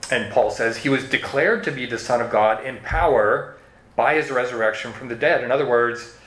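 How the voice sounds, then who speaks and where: A man's voice: medium pitch, moderate pace, fairly bright tone. Man preaching in an echoey room. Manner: earnest teaching tone, leads listeners through verses. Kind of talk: expository sermon. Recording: echoey room with faint ambience.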